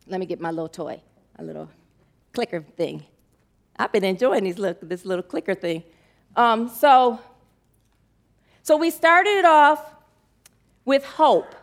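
A woman minister preaching a sermon to her congregation, animated and emotional, laughing often. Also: on the high side.

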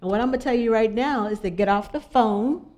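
A woman preaching an informal sermon, telling stories in a conversational, animated way. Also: a little high, brisk.

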